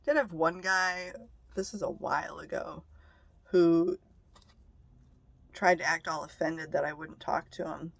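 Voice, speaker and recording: A woman's voice: fairly low pitch, fairly even intonation, unhurried, vocal fry, pauses often, no echo. A young woman vlogger telling stories to the camera in a blunt, profane, casual way. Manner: blunt and profane, laughing between remarks.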